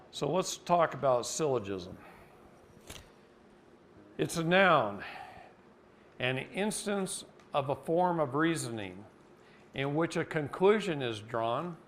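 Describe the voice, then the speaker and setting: A man's voice: lively intonation, slow, pauses often, a bit bright, slight background noise. A man from Oregon giving a seminar lecture, blunt and folksy, telling a story and then explaining a point. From Oregon, United States. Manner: folksy and blunt, acts out quotes with jumps in pitch. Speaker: seminar speaker.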